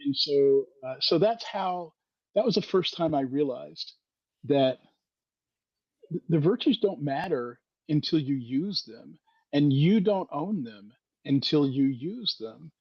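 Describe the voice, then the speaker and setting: Self-deprecating man, animated storyteller. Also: a little high, slow pace, slightly rough, no room sound, lo-fi sound. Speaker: podcast guest, Freemason author. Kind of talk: casual storytelling conversation.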